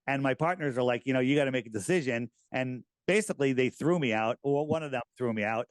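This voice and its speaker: A middle-aged American man talking casually in an interview, animated and rambling, with many restarts. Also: mid-range voice, quick pace, no room sound. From United States. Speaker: podcast host, guest.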